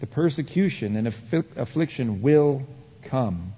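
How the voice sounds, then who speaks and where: A man preaching a sermon, swinging from heated emphasis to hushed, drawn-out points. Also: mid-range voice, expressive, a little hiss or hum. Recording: dull muffled sound with long hall reverb.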